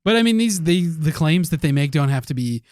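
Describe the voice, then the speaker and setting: A hesitant, agreeable man co-hosting a podcast, stumbling over restarts as he talks. His voice is a little high, and the recording is dry and close. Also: lively intonation, brisk, a little mellow, no room sound. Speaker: podcast co-host. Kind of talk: casual podcast chat.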